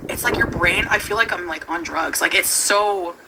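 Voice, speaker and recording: A woman's voice: fairly low pitch, moderate pace, background noise. A woman hosting a casual livestream, chatting in a rambling, giggly way and often trailing off mid-sentence. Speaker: livestream host.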